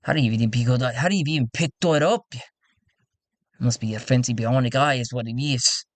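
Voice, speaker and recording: A man's voice: medium pitch, brisk, no room sound, lightly acted. A man voicing a sly male councilman in a put-on old English accent, in a solo role-play game. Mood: teasing.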